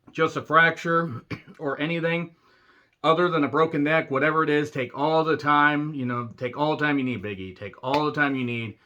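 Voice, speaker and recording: A man in a casual video review of a wrestling show, his voice bright and forceful. He rambles, jokes and curses freely, often drifting into asides before pulling himself back. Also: medium pitch, dull audio. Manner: rambling, jokey, swears freely, goes off on tangents.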